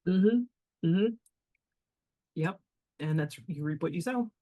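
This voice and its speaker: This podcast guest, a woman with a teacher's air, has a lowish, animated, mellow voice and talks slowly. In casual chat she reflects out loud, wandering off with many fillers.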